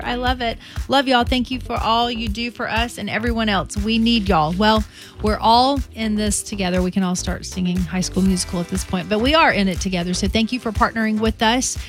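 A woman from the American South with a higher voice co-hosts a radio fundraising drive. She tells stories and laughs easily while thanking donors. Faint music plays underneath. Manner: laughs easily, warm storytelling. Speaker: radio co-host.

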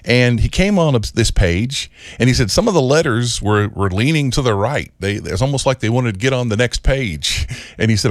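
A man's voice: medium pitch, lively intonation, moderate pace, no echo, clean studio sound. A man hosting a radio show, telling a folksy story with chuckles and small restarts. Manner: folksy, chuckling, repeats words. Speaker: radio host.

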